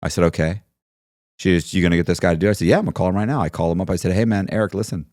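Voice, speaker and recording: A man's voice: low voice, rapid-fire, darkish tone, dry recording, clean studio sound. A man telling a story in a casual interview, acting out both sides of the conversations he recounts. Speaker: podcast guest telling his story.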